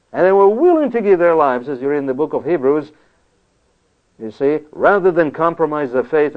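A man preaching a sermon in a conversational, emphatic way, often checking in with "you see?". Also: on the high side. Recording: tinny phone-like sound.

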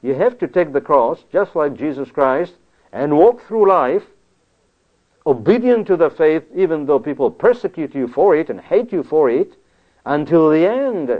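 A man's voice: a little high, big pitch swings, normal speed. A man preaching a sermon in a conversational, emphatic way, often checking in with "you see?". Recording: tinny phone-like sound.

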